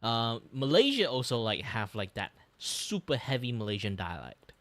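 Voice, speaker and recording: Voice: medium pitch, sing-song, moderate pace, a bit bright, dry recording. A streamer chatting casually while reacting to a video, rambling with constant "like" fillers. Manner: rambling, heavy use of "like" fillers.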